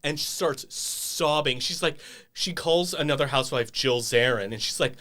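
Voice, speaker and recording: A young man, a guest on a casual podcast, retelling stories with lively quoted voices. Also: a little high, normal speed, hardly any pauses. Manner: animated storytelling with quoted voices.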